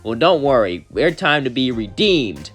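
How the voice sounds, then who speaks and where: A man voicing a cheerful young princess, gushing in a high excited voice. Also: normal speed, faint music behind.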